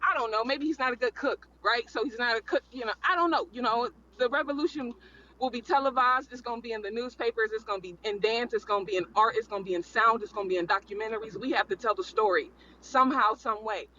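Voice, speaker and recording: High, bright-voiced man, rambling and emphatic. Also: quick pace, dull audio, a little hiss or hum. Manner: rambling, emphatic, repeats himself. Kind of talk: casual panel chat.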